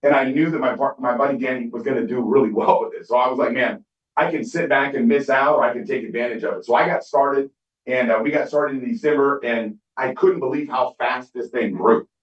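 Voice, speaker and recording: Fast-talking man in an echoey hall. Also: mid-range voice. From Southern California. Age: middle-aged. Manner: storytelling, acts out quoted dialogue. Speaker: skincare business speaker. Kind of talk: motivational stage talk. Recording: distant, echoey, dull hall recording.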